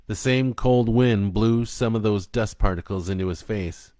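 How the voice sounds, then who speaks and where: A man narrating a dark story in a slow, even, low-key reading voice. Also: no echo.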